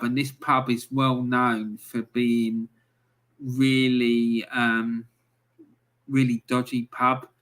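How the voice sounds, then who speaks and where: An unhurried Cockney man in his fifties hosts a live football stream. His voice is bright and forceful, and he drifts through long stories with plenty of ums and uhs. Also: medium pitch. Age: 50s. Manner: rambling anecdotes with many fillers. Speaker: livestream host. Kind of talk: live match-day chat.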